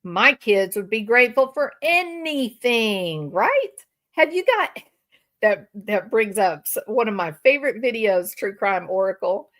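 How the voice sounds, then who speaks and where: A woman's voice: mid-range voice, lively intonation, unhurried, few pauses, fairly bright tone. An older woman hosting a commentary channel, answering viewer comments with sarcastic indignation. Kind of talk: reaction commentary to live-stream chat.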